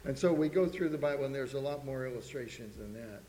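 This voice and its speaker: A man's voice: medium pitch, fast talker, mellow. Preacher man in an echoey hall. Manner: earnest preaching, reads scripture aloud. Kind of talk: sermon. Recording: echoey hall with faint hum.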